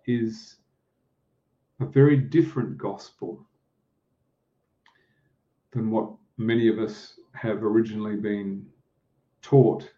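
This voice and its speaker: A mellow-voiced man preaches in a slow, deliberate way, pausing often between phrases and leaning on fillers. The recording is lo-fi and somewhat muffled. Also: fairly low pitch, fairly even intonation. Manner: slow, halting delivery with pauses and fillers. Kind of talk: slow, deliberate sermon with prayer. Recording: dull, muffled lo-fi sound.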